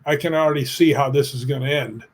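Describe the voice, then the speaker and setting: A man voicing a calm, defiant male cop facing death in a story he tells. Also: medium pitch, fast, lightly acted. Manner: calm, resigned delivery.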